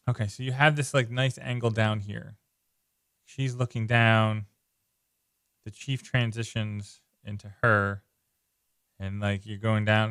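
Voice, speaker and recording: An excitable man talks through comic art page by page in a loose, rambling way. His voice sits fairly low and sounds smooth and clean. The recording is dry and close, with no room sound. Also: dry recording. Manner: enthusiastic, loose, repeats words, lots of "like". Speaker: comic book reviewer. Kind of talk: casual page-by-page comic commentary.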